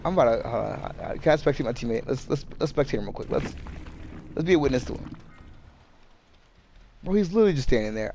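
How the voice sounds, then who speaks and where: A man's voice: mid-range voice, lively intonation, brisk, long pauses, dark tone, a little hiss or hum. A young man giving casual, exasperated commentary over a game he is playing, swearing often and talking to himself and the game. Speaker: gameplay streamer.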